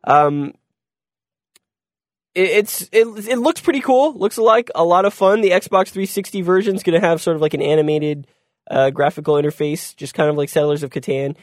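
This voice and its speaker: A man's voice: fairly high pitch, darkish tone, dry recording, studio quality. A man hosting a casual gaming show, rambling with lots of ums and restarts and chuckling when he stumbles over words. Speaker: gaming podcast host. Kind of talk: casual chat.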